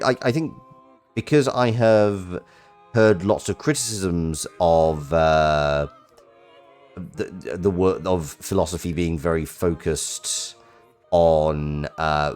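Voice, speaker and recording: A man's voice: a bass voice, a little mellow. A man streaming a card game, chatting casually and rambling in a self-deprecating way.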